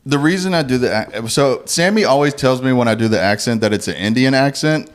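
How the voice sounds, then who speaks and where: A man's voice: mid-range voice, brisk. A man from West Virginia, a stand-up comedian guesting on a podcast, telling dry, self-mocking stories in casual banter.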